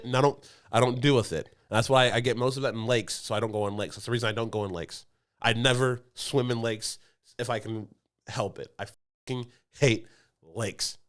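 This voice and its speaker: A man's voice: mid-range voice, fairly even intonation, fairly quick, clear, resonant tone. A man, co-hosting a podcast and telling a rambling story with frequent laughs. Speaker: podcast co-host. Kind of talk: casual chat. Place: podcast studio.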